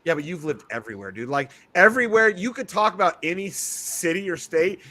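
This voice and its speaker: A man's voice: high-pitched, lively intonation, brisk, sharp tone. A man hosting a casual podcast chat, joking around with minced oaths. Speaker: podcast host.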